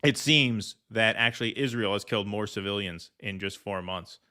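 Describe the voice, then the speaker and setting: A man's voice: lowish voice, moderate pace, sharp tone, clear, resonant tone. A man hosting a casual political commentary stream, blunt, sarcastic and profane. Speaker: host.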